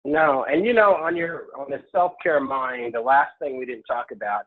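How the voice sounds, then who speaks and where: A man's voice: mid-range voice, moderate pace. A man co-hosting a webinar, asking questions conversationally and searching for his words. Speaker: co-host. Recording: tinny phone line.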